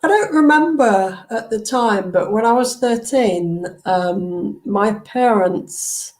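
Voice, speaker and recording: A woman's voice: mid-range voice, lively intonation, slow, a little mellow, low-quality recording. A woman with an accent between British and Australian, talking candidly and reflectively as a guest in a casual interview. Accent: mixed British and Australian. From UK, Australia and Kenya. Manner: reflective, candid, laughs lightly. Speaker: podcast guest, TCK coach.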